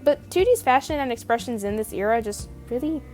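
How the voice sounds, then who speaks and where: A young woman reads her video essay script with a high voice, wry and opinionated, swearing now and then. Soft music plays beneath her narration. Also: lively intonation, brisk. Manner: opinionated, wry, casually profane.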